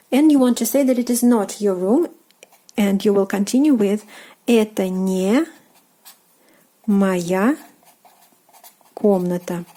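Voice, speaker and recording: A woman with a Russian accent teaching a language lesson, speaking slowly and carefully with many ums and uhs and repeating each example phrase. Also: medium pitch, dark tone, rough recording. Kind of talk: lesson explaining grammar while writing.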